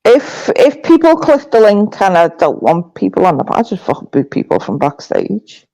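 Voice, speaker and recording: A woman with a Scouse accent hosting a livestream, chatting casually, blunt and sweary with a quick laugh. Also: mid-range voice, sing-song, dark tone, dry recording, low-quality recording. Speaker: livestream host. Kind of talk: casual chat.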